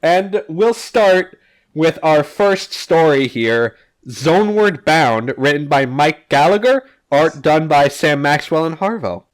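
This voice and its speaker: A man's voice: on the high side, animated, slow. A man hosting a casual podcast, recapping comics in a rambling, filler-heavy way with the odd swear. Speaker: podcast host.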